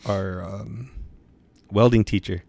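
A man's voice: on the low side, fairly even intonation, takes it slowly, creaky, darkish tone, no echo. A young man telling stories in casual chat, with laid-back slang, heavy swearing and constant "bro" and "dude".

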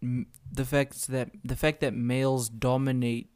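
Dude on a podcast, chill talk, cracks up constantly. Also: male voice, mid-range voice, level tone, measured pace, darkish tone, clear, resonant tone. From South Africa. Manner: laughs often, loose and joking. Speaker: podcast co-host. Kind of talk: casual chat.

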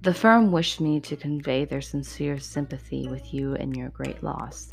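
A woman's voice: extremely low pitch, measured pace, creaky, husky, soft background music, exaggerated voice. A woman voicing a formal male messenger from a firm, speaking in a subdued, hesitant way.

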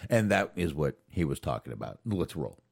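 A man's voice: extremely low pitch, big pitch swings, normal speed, creaky, dry recording, studio quality. A man hosting a reaction video, chatting and explaining between clips. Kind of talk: casual reaction commentary.

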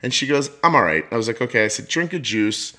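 A middle-aged man with a medium-pitched, sharp voice hosts a podcast at a quick pace. In casual chat he tells a story, acting out the voices of the people he quotes.

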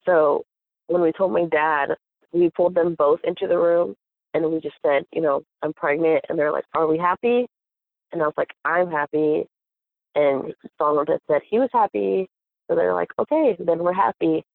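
A young woman telling a personal story in a casual chat, animated and acting out what others said, with frequent laughs. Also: low voice, moderate pace, vocal fry, no echo. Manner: animated, acts out quoted voices, laughs often. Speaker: guest. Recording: tinny phone-like audio.

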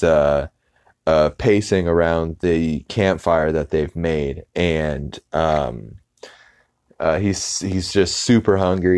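A man hosting a podcast, recapping a cartoon episode in a rambling, halting way and loosely acting out the characters' lines. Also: deep voice, a little mellow, clear, resonant tone, dry recording, clean studio sound. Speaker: podcast host.

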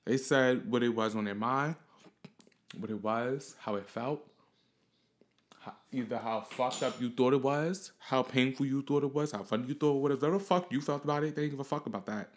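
A man's voice: mid-range voice, fairly quick. A young man hosting a solo podcast, telling a story in a casual, profane, rambling way. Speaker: podcast host.

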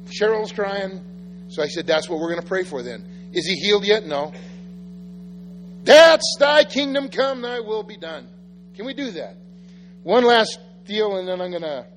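A pastor telling personal stories in a sermon, animated and self-deprecating, acting out the quotes. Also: male voice, high-pitched. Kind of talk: sermon storytelling. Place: church sanctuary. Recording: reverberant church hall with faint music.

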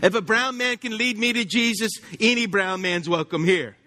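A man's voice: sits high, moderate pace, bright, forceful tone. A male pastor, preaching a conversational sermon and often asking the congregation questions. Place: church.

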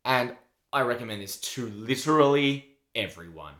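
A man's voice: medium pitch, expressive, normal speed, fairly bright tone. Rambling male podcast co-host. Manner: rambling, filler-heavy, enthusiastic. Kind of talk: casual chat reviewing a TV show.

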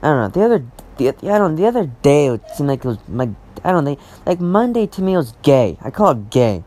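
A man's voice: fairly high pitch, very animated, brisk, darkish tone. A man talking unscripted to camera, rambling and frustrated, repeating himself and restarting sentences, swearing as he gets worked up. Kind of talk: unscripted personal rant.

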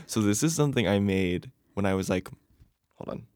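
A man's voice: on the low side, expressive, brisk, darkish tone, dry recording. A man from Nashville hosting a podcast, rambling bashfully with lots of "like" and restarts in casual chat. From Nashville, Tennessee. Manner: rambling, full of "like", bashful and emotional. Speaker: podcast host.

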